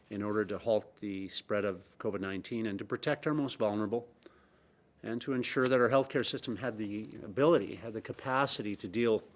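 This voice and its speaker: A middle-aged man giving a measured, earnest press briefing as a premier, often pausing on uh. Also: fairly low pitch. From Canada. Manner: measured, earnest, with frequent uh fillers and repeated emphasis. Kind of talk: formal press briefing statement.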